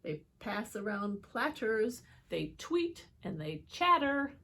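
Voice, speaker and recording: A woman reading picture books aloud to children, expressive, with chatty asides to her young viewers. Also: on the high side, slow, slight background noise. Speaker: children's book reader. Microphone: holds book up to camera.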